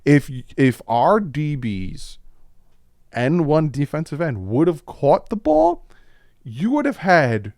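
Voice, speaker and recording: A man's voice: a little high, very animated, takes it slowly, a little mellow, no echo, clean studio sound. A man hosting a casual football film breakdown, talking as an opinionated fan with frequent asides. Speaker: YouTube football film-study host.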